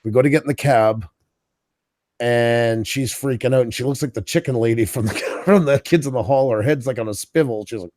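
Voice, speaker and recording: A man's voice: medium pitch, brisk, a little mellow, no room sound. A man from Canada telling a long funny anecdote in casual chat, laughing often and acting out what people said. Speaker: podcast co-host.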